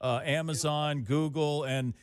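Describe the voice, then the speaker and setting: A man's voice: on the high side, steady tone, unhurried. A man hosting a casual radio interview, teasing his guest and laughing often. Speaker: radio host.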